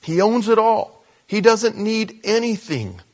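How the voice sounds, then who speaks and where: A man preaching a conversational sermon as a pastor, with animated bursts. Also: sits high, a little slow.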